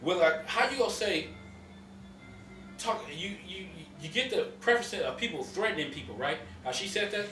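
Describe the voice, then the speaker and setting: A man's voice: high voice, lively intonation, normal speed, sharp tone, reverberant, recorded from a distance, faint music behind. A man hosting a podcast, ranting in heated casual chat, profane and emphatic. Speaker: podcast host.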